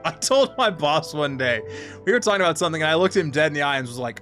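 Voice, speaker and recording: Profane, animated young man streaming. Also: fairly high pitch, fast talker, faint music behind. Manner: profane, animated storytelling with bursts of excitement. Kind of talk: casual gaming stream chat.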